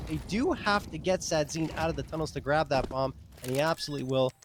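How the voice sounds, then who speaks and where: Excitable man calling esports play-by-play. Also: noisy background. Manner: fast, excitable play-by-play that climbs in pitch at big plays. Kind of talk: live esports commentary.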